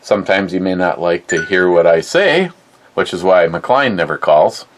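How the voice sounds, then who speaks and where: A man's voice: deep voice, expressive, normal speed, slight background noise, low-quality recording. A man, hosting a livestream in casual chat and reading out viewer comments in a rambling, blunt way with free swearing. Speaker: livestream host.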